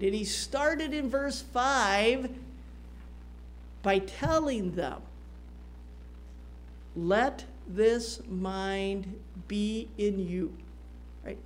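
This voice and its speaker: A preacher delivering a sermon, reading scripture in old-fashioned wording and often adding a questioning "right?" to the congregation. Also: medium pitch.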